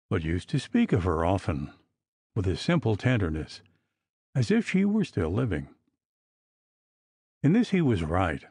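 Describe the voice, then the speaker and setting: A man narrating an old gothic novel as an audiobook, reading in a measured, expressive way. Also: mid-range voice, no room sound.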